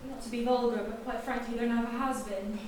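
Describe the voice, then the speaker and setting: Woman doing a stagey young detective for a fringe comedy-mystery, high-ish, far mic, hall echo. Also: steady tone, close to an everyday voice. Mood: explaining. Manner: theatrical, deliberate explaining. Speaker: amateur sleuth revealing the killer. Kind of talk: live stage acting. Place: small theatre on stage. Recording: echoey theatre from far, noise.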